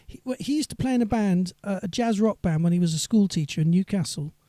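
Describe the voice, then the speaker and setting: A man's voice: high-pitched, animated, quick pace, dark tone, no echo, clean studio sound. A singer-songwriter man chatting on a live stream between songs, rambling and reading viewer comments aloud.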